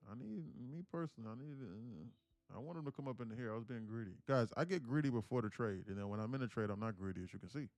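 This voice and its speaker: A man's voice: mid-range voice, lively intonation, fast, a little mellow, dry recording. Man joking through a dry, close stream. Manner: joking, teasing chat with viewers. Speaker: livestream day trader host. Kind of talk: casual live-stream commentary.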